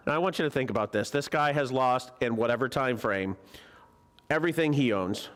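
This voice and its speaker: A man's voice: mid-range voice, lively intonation, normal speed, a bit bright. Chatty male preacher in a church. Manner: chatty, joking, asks the congregation questions. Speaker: preacher, Bible teacher. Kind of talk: conversational sermon. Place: church sanctuary.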